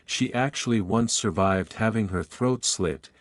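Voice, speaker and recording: Brief: a stoic, calm young ninja, reassuring and low-voiced, read by a male narrator. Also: a little slow, no room sound, lightly acted.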